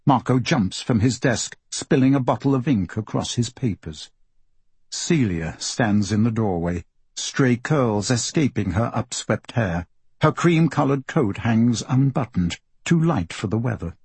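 Breathy male audiobook narrator. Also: medium pitch, expressive, unhurried, a little mellow, no room sound. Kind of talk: scripted literary narration.

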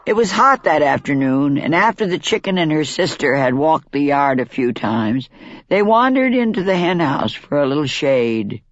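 A man narrating a wry animal fable with deadpan timing and soft, whispery character voices. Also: on the high side, normal speed, no echo, dull audio.

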